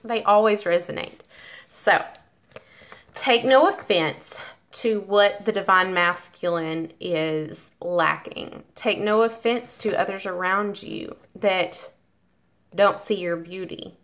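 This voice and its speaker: A woman's voice: mid-range voice, fairly bright tone. A woman giving a casual tarot reading who chats directly to viewers and reads card passages aloud. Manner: chatty, talks directly to viewers.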